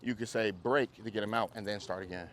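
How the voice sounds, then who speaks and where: A man teaching a dog training class outdoors, coaching owners and breaking into high, excited praise for the dogs. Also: fast talker. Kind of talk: hands-on group class instruction.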